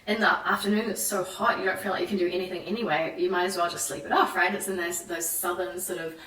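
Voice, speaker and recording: A young New Zealand vlogger with a New Zealand accent chats animatedly and fast in a fairly low voice, acting out the French voices of the people she quotes. The recording sounds echoey, with the mic at a distance.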